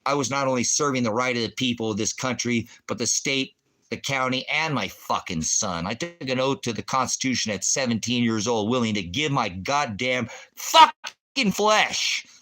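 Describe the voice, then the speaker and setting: This angry livestream rant comes from a middle-aged veteran hosting a ministry stream, his mid-range voice running a little fast. He's combative and profane, shouting insults at the people commenting.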